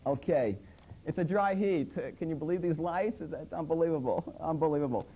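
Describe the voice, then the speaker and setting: Sarcastic male comedy host, mellow tone, incredulous monologue on advertising. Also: on the high side, a little fast, husky, low-quality recording. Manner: sarcastic, incredulous, quoting ads in mock voices. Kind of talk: satirical monologue on commercials. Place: public access TV studio under hot lights.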